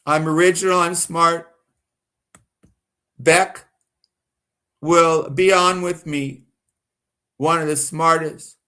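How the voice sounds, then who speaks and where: Slow-talking indignant male streamer. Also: a little high, steady tone, bright, forceful tone, smooth. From American South. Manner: rambling, repetitive, gets worked up and indignant. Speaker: streamer doing commentary. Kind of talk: casual live-stream commentary.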